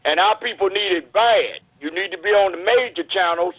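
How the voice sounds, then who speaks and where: A man's voice: sits high, moderate pace, no room sound. A man calling in to a talk show, preaching his views in an urgent, emphatic way. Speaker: caller. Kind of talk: impassioned call-in commentary. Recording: tinny phone line.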